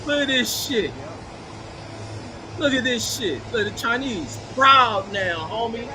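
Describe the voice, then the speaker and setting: A man with a high-pitched voice rants through profane, scornful commentary on a video clip, mocking and laughing as he goes. Clear background noise sits under his voice. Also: expressive, slow. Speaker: vlogger commenting on news footage.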